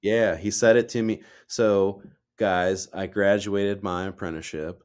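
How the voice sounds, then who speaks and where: A man's voice: deep voice, fairly even intonation, unhurried, darkish tone. A man co-hosting a podcast, telling personal stories in a loose, heartfelt way and swearing freely. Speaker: podcast co-host. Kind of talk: casual chat.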